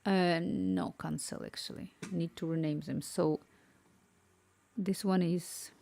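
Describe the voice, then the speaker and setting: Slow, low-toned woman streaming from home. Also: fairly even intonation, vocal fry, mellow. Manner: thinks aloud, murmurs and whispers to herself while working. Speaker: live-streaming developer. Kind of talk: casual livestream chat while coding.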